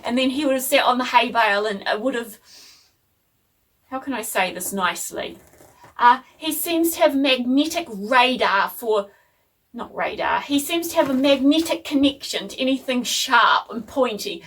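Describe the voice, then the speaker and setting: A woman chats through a home vlog, animated and self-deprecating. Her voice sits fairly high. She is recorded on a phone a little away from her. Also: moderate pace, distant mic. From New Zealand. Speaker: vlogger. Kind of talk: chatty home vlog storytelling. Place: home workspace.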